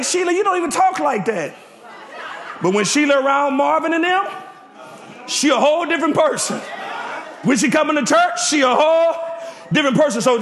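Fiery high-voiced man preaching a sermon. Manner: fiery call-and-response preaching, shouting lines. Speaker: visiting preacher. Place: church sanctuary. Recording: roomy church echo.

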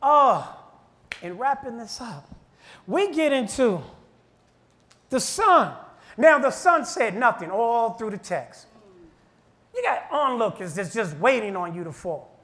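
Brief: male minister, sermon, very high and forceful voice, shouting refrains. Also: big pitch swings, takes it slowly, pauses often. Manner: fervent preaching with shouted repeated refrains.

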